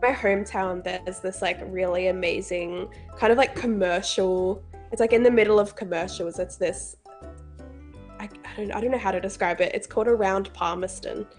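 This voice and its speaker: A woman's voice: mid-range voice, steady tone, moderate pace, faint music behind. A woman with an Australian accent, chatting casually and telling stories. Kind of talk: casual chat.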